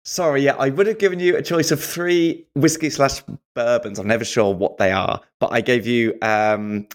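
A man's voice: mid-range voice, fairly even intonation, moderate pace. A man, a comedian guest chatting casually in a friendly, slightly apologetic way. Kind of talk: casual chat.

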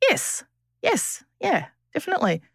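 A woman's voice: high voice, huge pitch swings, unhurried, vocal fry, dry recording, studio quality. Blunt woman in her fifties. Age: 50s. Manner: blunt, frank and teasing, with swearing. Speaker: podcast guest. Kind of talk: candid conversational interview.

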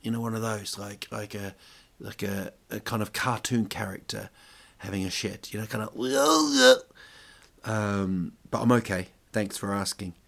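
A man's voice: lowish voice, level tone, normal speed, creaky. A man hosting a podcast, telling jokey stories in a rambling, casual monologue full of restarts. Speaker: podcast host.

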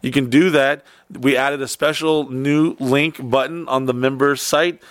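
A man's voice: medium pitch, fairly even intonation, unhurried, dry recording. A man co-hosting a podcast, talking in a crude, rambling, laid-back way. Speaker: podcast co-host. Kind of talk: casual podcast banter.

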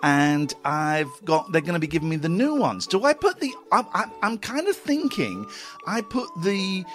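Animated radio host, rambling. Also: male voice, high voice, normal speed, faint music behind. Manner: rambling, self-mocking, restless. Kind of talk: casual radio chat.

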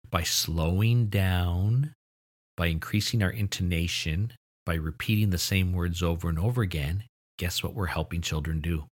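A man's voice: deep voice, slightly rough. A man lecturing on child language development, explaining steadily and pushing his voice up for emphasis on key points. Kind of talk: recorded lecture.

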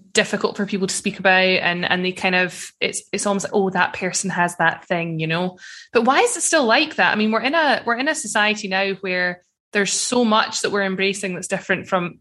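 A woman's voice: medium pitch, pushed and bright. A woman hosting an interview, asking inquisitive, probing questions. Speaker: podcast host. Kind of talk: conversational interview.

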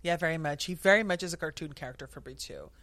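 A woman's voice: low voice, fast, a bit bright, dry recording. A woman guest on a podcast, chatting casually and agreeably. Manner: chatty, agreeable, lots of fillers and laughs. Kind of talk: casual chat.

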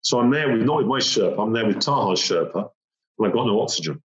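An animated man with a fairly low voice talks at a quick pace, sharing a personal story in vivid detail. He acts out the moments he describes and repeats phrases, all on a roomy, dull, lo-fi recording.

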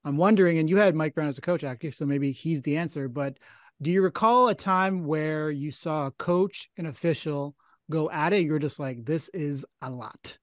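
A man's voice: fairly high pitch, moderate pace, no room sound, studio quality. Easygoing podcast host, man. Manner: easygoing, short affirmations, laughs along. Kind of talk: casual podcast chat.

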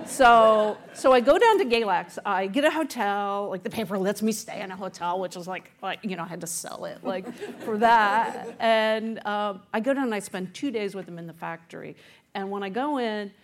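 A woman author and journalist recounting how she found a story, chatty and animated, with many fillers. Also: medium pitch, moderate pace. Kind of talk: conversational storytelling interview.

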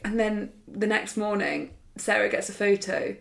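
A woman's voice: mid-range voice, normal speed, vocal fry. A woman co-hosting a podcast, telling a funny anecdote casually, laughing as she talks and imitating her friends. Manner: lively anecdotal, laughs mid-sentence, mimics friends. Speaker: podcast co-host. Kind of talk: casual chat.

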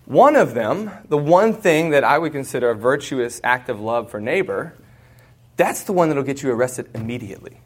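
Speaking live to students, a conference speaker from the United States in his thirties tells a humorous, conversational story. His voice is mid-range and animated, at a moderate pace.

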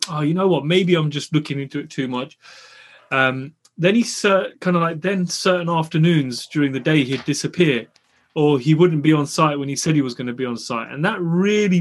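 Animated man telling a story. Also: on the high side. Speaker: property developer guest. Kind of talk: casual podcast chat.

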